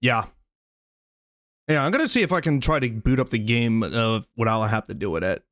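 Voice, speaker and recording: A man's voice: mid-range voice, animated, normal speed, fairly bright tone. Male streamer, casual voice-chat banter, rambling, restarts mid-sentence, grumbles. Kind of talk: casual chat while gaming.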